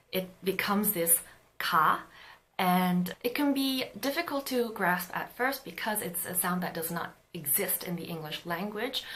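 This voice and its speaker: A woman teaching a Korean pronunciation lesson, explaining patiently and clearly and sounding out example syllables. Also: medium pitch, sharp tone.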